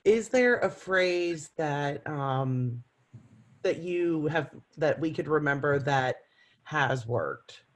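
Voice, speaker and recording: A woman's voice: low-pitched, expressive, takes it slowly. A woman nurse educator asking questions in a panel discussion, conversational and laughing along.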